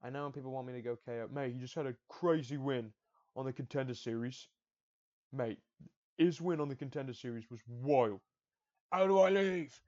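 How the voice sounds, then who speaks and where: A man talks through fight picks in a loose, rambling way, breaking off mid-thought and circling back to repeat himself. His voice sits at an ordinary middle pitch. The audio is dull and lo-fi, lacking crispness. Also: steady tone, a little fast, dark tone. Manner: rambling, self-interrupting, slangy. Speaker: MMA fight predictions host. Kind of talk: casual solo commentary.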